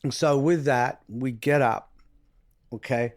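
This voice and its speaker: A man of middle pitch tells a story as a guest in a casual interview. He is blunt and profane, and he acts out each exchange. He keeps asking "right?" to make sure his listener follows. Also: steady tone, slow pace. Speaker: guest, private investigator.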